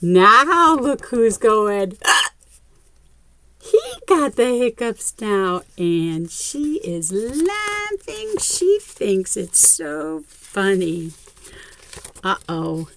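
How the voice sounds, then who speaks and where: A woman narrating a picture book aloud to young children, with expressive gasps and remarks spoken straight to her listeners. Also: medium pitch, extremely slow. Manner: talks directly to young viewers. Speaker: children's story reader.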